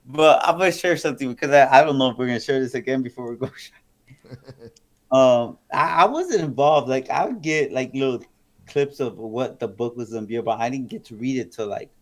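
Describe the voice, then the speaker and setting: A man who was once a kingpin, talking on a live stream as a guest. He tells animated, rambling stories with lots of restarts and swearing. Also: medium pitch, a little fast. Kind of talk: casual storytelling on a live stream.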